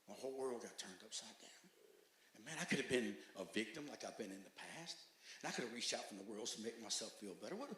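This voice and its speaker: A man giving a personal testimony at a church recovery meeting. He tells his story emphatically, swinging between loud outbursts and hushed, low stretches. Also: a little hiss or hum. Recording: echoey church hall.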